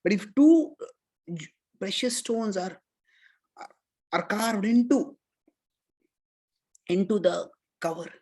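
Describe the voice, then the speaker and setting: A middle-aged man with an Indian accent giving a scripture lecture, explaining step by step and chanting verses slowly. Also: high voice, expressive, a little mellow. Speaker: spiritual teacher.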